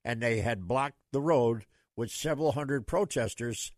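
A man's voice: mid-range voice, a little slow, darkish tone, no room sound, clean studio sound. A man hosting a late-night talk radio show for truckers, talking in a folksy, rambling way with plenty of fillers.

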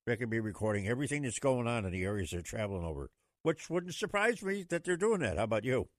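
A man hosting a talk radio show, folksy and emphatic, prone to rambling. His voice sits in a middle pitch and the recording is dry and close. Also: very animated, fast talker, no echo.

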